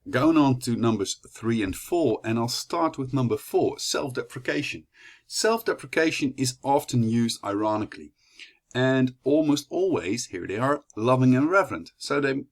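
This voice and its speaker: A man's voice: medium pitch, expressive, moderate pace. A young man from the Netherlands with a Dutch accent, giving a chatty class presentation full of fillers and restarts. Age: young adult. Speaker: student presenter.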